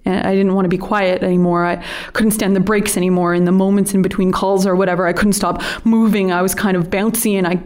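An actress playing a female paramedic who is falling apart, telling her story in a halting, confessional monologue. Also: medium pitch, flat delivery, natural voice. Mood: weary. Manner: halting, confessional, rising to frantic yelling. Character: burnt-out female paramedic, restless and unraveling. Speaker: paramedic Anna. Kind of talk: audio drama monologue.

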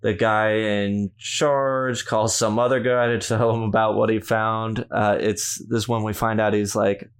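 Low-voiced man recapping a movie. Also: flat delivery, measured pace, few pauses, clear, resonant tone. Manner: summarizes the plot, laughing often. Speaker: podcast host. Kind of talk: casual movie recap chat.

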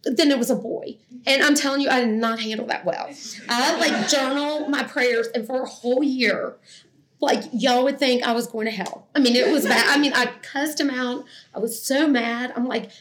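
A middle-aged woman tells her own story to a listening crowd, rambling and chatty. She talks in a fairly high voice, full of restarts and filler words, and pokes fun at herself as she goes. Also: fairly even intonation, normal speed, fairly bright tone, slight background noise. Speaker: speaker sharing a personal testimony. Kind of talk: personal testimony told to an audience.

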